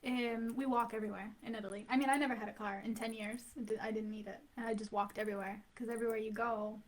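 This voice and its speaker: A woman guest chats easily on a podcast and laughs often. Her voice sits fairly high, and she drops Italian words into her talk. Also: fairly even intonation, fast. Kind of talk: casual chat.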